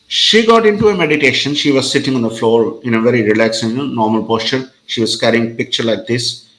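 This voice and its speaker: A man's voice: mid-range voice, quick pace, a bit bright, poor audio. A man, a podcast guest telling a story in a hesitant, conversational way with many fillers.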